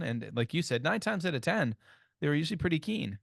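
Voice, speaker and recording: A man's voice: a little high, big pitch swings, fast, vocal fry, dry recording, studio quality. Chatty Canadian man hosting a podcast. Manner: chatty, storytelling, many restarts. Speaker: podcast host. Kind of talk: casual podcast chat.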